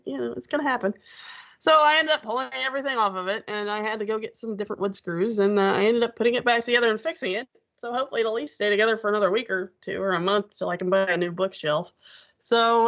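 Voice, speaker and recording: A woman tells stories on a podcast in a dry, offhand voice, tossing in wry asides. Her mid-pitched voice sounds dull, as if through a lo-fi mic. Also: quick pace, fairly bright tone. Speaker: podcast co-host. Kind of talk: casual chat.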